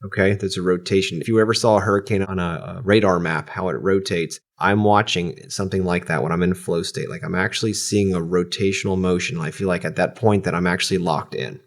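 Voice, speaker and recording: A man hosting a podcast, speaking in a calm, reflective way in casual chat. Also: low-pitched, brisk, few pauses. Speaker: podcast host.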